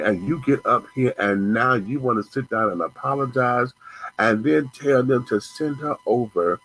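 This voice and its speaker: A male show host delivers an angry, profanity-laced rant and keeps repeating himself. His mid-range voice moves at a moderate pace with a fairly bright tone, though the recording quality is poor.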